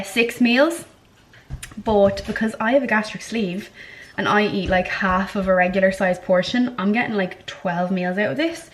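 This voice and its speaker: A woman chatting straight to her own camera in a loose, rambling vlog voice. Her pitch sits right in the middle for a woman, and she keeps things self-mocking and frank with the odd swear word. A faint hum of background noise runs underneath. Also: low-quality recording. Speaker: vlogger. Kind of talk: casual vlog chat.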